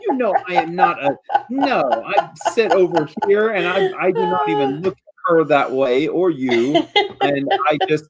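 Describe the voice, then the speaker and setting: A man's voice: sits high, sing-song, normal speed, a crowd in the background, pitched above the performer's own voice. A man voicing an earnest young male warrior who stammers when embarrassed. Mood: flustered. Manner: stammering, flustered.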